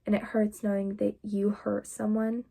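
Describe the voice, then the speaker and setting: A woman's voice: mid-range voice, little pitch movement, normal speed, vocal fry, dark tone. A young woman vlogger telling a personal story in a candid, confessional way, full of casual fillers.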